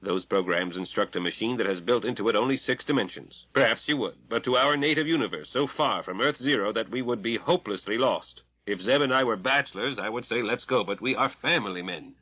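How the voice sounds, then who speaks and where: A man's voice: fairly low pitch, a little fast, hardly any pauses, husky, no echo, lo-fi sound. A man reading an audiobook, voicing a cautious, scholarly mathematician who explains things carefully. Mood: earnest. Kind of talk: audiobook character voice.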